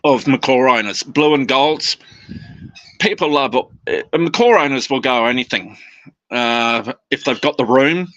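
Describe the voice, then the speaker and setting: Casual male guest, rambling delivery with restarts, bright forward tone, dry close sound on a phone. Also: mid-range voice, measured pace, no echo, dull audio. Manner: rambling, restarts, mimics his birds' phrases. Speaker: guest parrot keeper. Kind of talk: casual chat.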